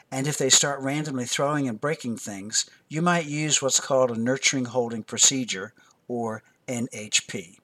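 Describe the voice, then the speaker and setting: Brief: male host, scripted parenting narration, calm and measured, clean studio mic. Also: mid-range voice.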